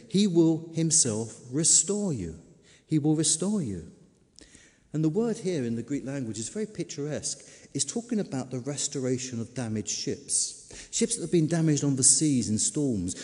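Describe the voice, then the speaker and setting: A man preaching a sermon, emphatic, slowing down and repeating key words for stress. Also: fairly high pitch, mellow. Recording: long reverb of a large hall.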